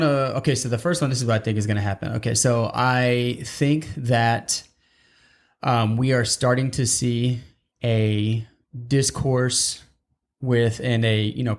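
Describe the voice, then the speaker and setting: Male podcast host, casual chat, rambling and digressive, average pitch. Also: steady tone, unhurried. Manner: rambling, digressive, restarts often.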